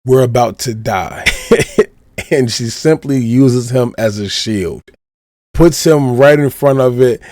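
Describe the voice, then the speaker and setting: A man hosting a podcast, giving an animated, casual retelling and leaning on the same stock phrases. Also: medium pitch, slow, no echo, studio quality. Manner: animated retelling, leans on "of course". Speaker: podcast host. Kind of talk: casual recap of a manga chapter.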